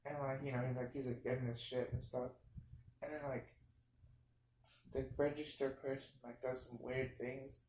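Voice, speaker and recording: A man's voice: medium pitch, moderate pace, a little hiss or hum. A young man improvising a rambling, absurd story, full of fillers and restarts. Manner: meandering, filler-heavy, deadpan absurd. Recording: echoey room.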